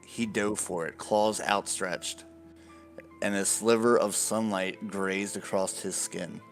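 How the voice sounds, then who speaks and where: Low-voiced, unhurried game master. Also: male voice, faint music behind. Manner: animated, casual, swears freely. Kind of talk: narrating a tabletop game.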